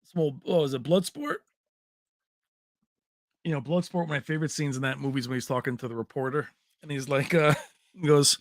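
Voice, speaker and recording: A man chats his way through a casual tech livestream, answering viewer comments and laughing often. His voice sits a little high. It is recorded close on a mic in a dry room with no echo. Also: normal speed, pauses often.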